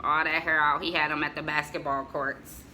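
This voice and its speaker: Chatty woman with a bright voice. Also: deep voice, level tone, a little fast, slight background noise, rough recording. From United States. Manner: chatty, joking asides to viewers, laughs often. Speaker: vlogger showing family photos. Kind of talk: casual chat to viewers.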